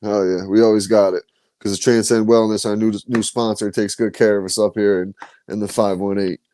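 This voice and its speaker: A podcast host from New banters in a loose, slangy, excited way. His voice is fairly low and mellow, recorded dry and close to the mic. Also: fairly quick, dry recording. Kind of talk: casual interview chat. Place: podcast studio.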